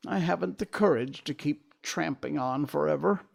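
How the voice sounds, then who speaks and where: A man's voice: a little high, normal speed, vocal fry, voice pushed up. A man voicing a timid lion who whimpers and stammers in a storybook reading. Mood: whimpering. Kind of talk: storybook read-aloud.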